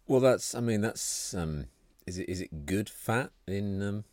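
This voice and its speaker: A man co-hosting a relaxed podcast chat. His voice is very low. He speaks in a dry, understated way and teases gently. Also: a little slow, dry recording. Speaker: podcast co-host. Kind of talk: casual chat.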